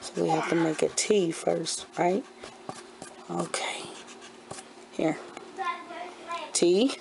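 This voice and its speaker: A woman in her forties, a homeschooling mother, gently coaching her kindergartner through a handwriting lesson at home and repeating each step patiently. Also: on the low side, fairly even intonation, drawn-out words, gravelly, background noise. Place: at home indoors.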